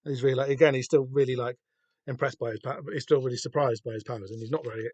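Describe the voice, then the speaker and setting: Rambling Southern English podcast host. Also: male voice, mid-range voice, fairly even intonation, rapid-fire, a little mellow, slightly rough, no room sound, highs cut off. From Southern England. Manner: rambling, sweary, self-deprecating. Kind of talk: casual comic-book commentary.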